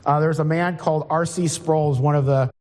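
A man's voice: on the high side, steady tone, moderate pace, darkish tone. A middle-aged man preaching an informal sermon to a congregation, reading scripture and asking the room plain questions. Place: church hall before a congregation. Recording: long hall reverb.

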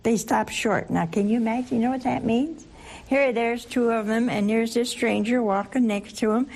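A woman leading a Catholic Bible study, teaching in an animated, playful way and asking her listeners questions. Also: on the high side, normal speed, gravelly. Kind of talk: lively scripture teaching to a group.

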